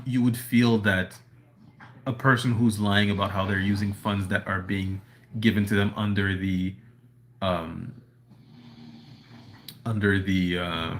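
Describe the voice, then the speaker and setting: A man with a low, fairly bright voice hosts a casual livestream from home, a dog nearby, with slight background noise. He reads and answers his chat in a rambling, earnest monologue full of "you know."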